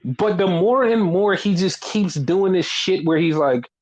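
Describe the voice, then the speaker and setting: A man with a slightly high voice talks loosely on a wrestling podcast. He rambles, swears freely and acts out his own baffled reactions. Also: a little slow, low-quality recording. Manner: rambling, swears often, animated retellings. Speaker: podcast co-host. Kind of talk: casual wrestling chat.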